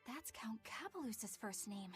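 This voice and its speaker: A woman's voice: a little high, big pitch swings, a little slow, faint music behind. A woman voicing an earnest young companion in a video game.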